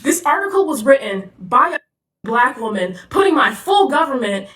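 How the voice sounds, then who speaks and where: A woman's voice: sits high, big pitch swings, normal speed, fairly bright tone, reverberant, distant mic. A woman therapist talking straight to the camera in a sassy, slangy, confrontational way. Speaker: social media therapist. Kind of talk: direct-to-camera social video.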